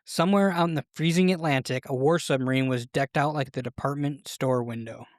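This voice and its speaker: A podcast host telling a history story in a playful, animated way, with a scripted storytelling style. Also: mid-range voice, a little fast, no room sound, clean studio sound.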